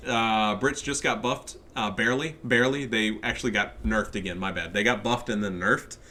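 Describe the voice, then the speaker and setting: A man's voice: fairly low pitch, steady tone, moderate pace, bright, forceful tone. A man with a stuffy nose giving casual, profane and cocky commentary on a strategy game match. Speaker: game caster.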